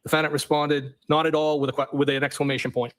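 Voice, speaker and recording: A man on the witness stand, reading text messages aloud in a matter-of-fact way and saying the punctuation marks out loud. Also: a little high, little pitch movement, fast, poor audio. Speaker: trial witness.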